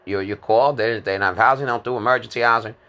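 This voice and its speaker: A man's voice: mid-range voice, fast talker, bright, forceful tone. A man in his fifties giving a rambling, disjointed monologue, hesitant, with many fillers and repeated words. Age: 50s.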